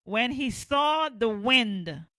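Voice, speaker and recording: Slow, careful scripture reader, bright voice, dry close sound. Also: mid-range voice, lively intonation, no room sound, rough recording. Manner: reads slowly and carefully, answers briefly. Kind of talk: slow reading aloud.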